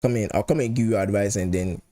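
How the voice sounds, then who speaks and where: A man's voice: fairly low pitch, fast talker, warm tone. Chatty Nigerian man hosting a match watchalong. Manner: chatty, repeats phrases, mixes pidgin and English. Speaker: football channel host. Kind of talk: live match watchalong chat.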